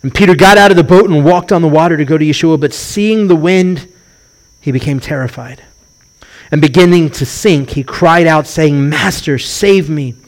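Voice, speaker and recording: Middle-aged male rabbi preaching, somewhat high-pitched, lively and animated delivery. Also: normal speed. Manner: animated storytelling, acts out quoted voices. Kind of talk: sermon.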